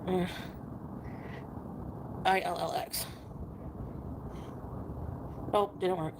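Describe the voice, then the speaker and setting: A woman's voice: lowish voice, fairly even intonation, drawn-out words, background noise. A woman chatting casually on a livestream and greeting her viewers one by one by name. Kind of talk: casual live stream chat.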